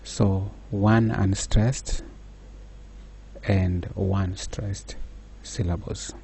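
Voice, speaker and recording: A man giving a slow, measured lecture, pausing often with fillers. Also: deep voice, steady tone, gravelly, mellow, a little hiss or hum. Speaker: teacher. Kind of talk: recorded lecture.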